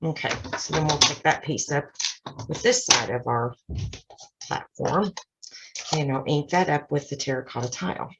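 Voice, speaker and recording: A woman's voice: low voice, moderate pace, long pauses, very noisy. A woman hosting a casual card-making tutorial at her craft desk, chatting her way through each step with self-deprecating asides. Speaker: craft channel host. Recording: slightly dull lo-fi sound.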